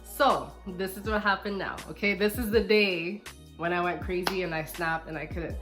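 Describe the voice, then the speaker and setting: Animated woman telling a storytime vlog. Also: lowish voice, normal speed, over music. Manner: animated, re-enacts quotes, frequent laughs. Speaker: vlogger.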